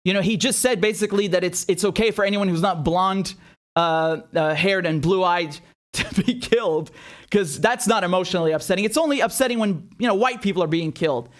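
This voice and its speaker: A man's voice: sits high, brisk. A man giving indignant video commentary as a political commentator, sarcastic and outraged, with frequent swearing.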